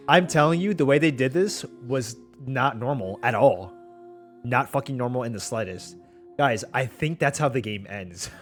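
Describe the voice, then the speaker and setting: A man streaming a game reaction rant, excitable and profane, constantly calling out bro and dude. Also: mid-range voice. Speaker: gaming streamer. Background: game music.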